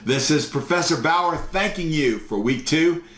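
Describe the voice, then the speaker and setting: In a recorded course lecture, a male professor spins folksy stories full of fillers. His voice is fairly high and fairly bright, a little slow, and the room is echoey with some faint noise.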